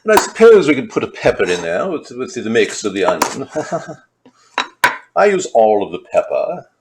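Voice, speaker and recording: Lively man joking through a cooking demo. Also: lowish voice, noisy background. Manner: rambling, playful, mock-posh asides. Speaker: home cook vlogger. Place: home kitchen.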